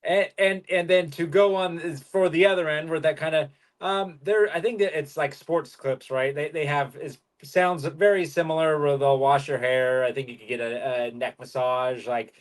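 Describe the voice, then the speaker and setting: A man co-hosting a podcast in casual chat, talking hesitantly with many pauses and restarts. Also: fairly high pitch, steady tone. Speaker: podcast co-host.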